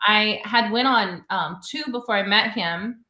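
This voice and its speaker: A woman's voice: medium pitch, a little slow, sharp tone, roomy sound. A woman guest in a casual interview, telling personal stories in a chatty way and laughing often.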